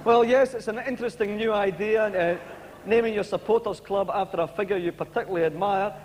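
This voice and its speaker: A formal phone-in host, as a comedian puts him on, fielding callers in a measured, dry tone. His voice is high for a man, with faint hiss behind it. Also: close to an everyday voice. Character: earnest male radio phone-in host.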